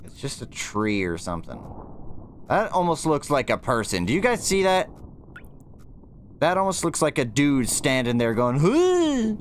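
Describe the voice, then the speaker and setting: A man's voice: medium pitch, very animated, normal speed, a little hiss or hum. A young man streaming a game, talking nervously to himself and his chat and swearing as he plays. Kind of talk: gaming livestream commentary.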